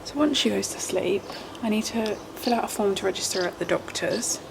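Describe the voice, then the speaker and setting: A woman's voice: mid-range voice, normal speed, vocal fry. A young English woman, a first-time mum, chatting casually to camera at home, rambling and sometimes whispering. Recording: noisy home recording.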